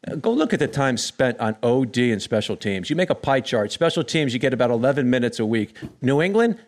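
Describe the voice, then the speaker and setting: A man, a former punter co-hosting a podcast, telling stories in a profane, animated way. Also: medium pitch, fairly quick. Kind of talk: casual chat.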